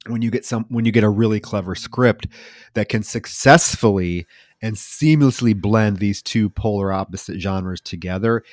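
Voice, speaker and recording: A man co-hosting a podcast in casual chat, laid-back and measured. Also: on the low side, no room sound, studio quality. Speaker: podcast co-host.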